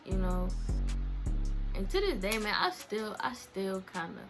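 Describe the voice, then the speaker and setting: A woman's voice: medium pitch, big pitch swings, unhurried, music in the background. A young woman vlogger telling a story in a casual, slangy, profane way. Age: young adult.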